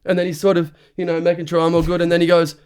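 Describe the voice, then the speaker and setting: A man's voice: fairly high pitch, racing, clean tone. A man hosting a podcast, telling a story in casual chat with lots of swearing and quoted dialogue. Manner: animated, swearing, acts out quotes. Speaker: podcast host.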